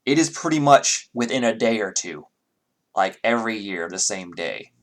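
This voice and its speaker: Male game master, lower voice, halting casual narration. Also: lively intonation. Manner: hesitant, many fillers and restarts.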